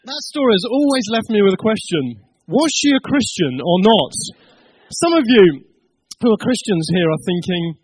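A man's voice: sits high, lively intonation, moderate pace, husky, low-quality recording. A middle-aged man from England preaching a sermon, telling a family story in a chatty way. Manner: chatty storyteller, laughs at his own tale.

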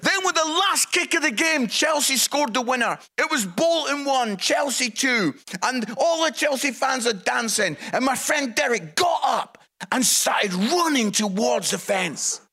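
Very high-pitched, bright Scottish preacher. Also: male voice, expressive, unhurried, few pauses. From Scotland. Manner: chatty, self-mocking, builds to punchlines. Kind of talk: humorous storytelling sermon.

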